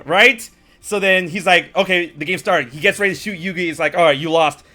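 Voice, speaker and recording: A man hosting a podcast, casually retelling anime scenes in an animated, swearing storyteller's manner. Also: sits high, a little fast, soft background music. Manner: animated storyteller, acts out characters, swears freely. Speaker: podcast host.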